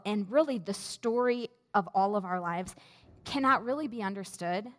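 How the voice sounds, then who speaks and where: A woman pastor preaching a sermon in a slow, measured way with deliberate pauses. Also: medium pitch. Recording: long reverb of a large hall.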